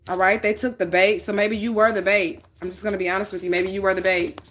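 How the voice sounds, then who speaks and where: A woman's voice: medium pitch, level tone, quick pace, fairly bright tone. Woman, tarot reader, blunt and profane, casual spiritual reading, keeps asking okay. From northern United States. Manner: blunt, profane, checks in with 'okay?'.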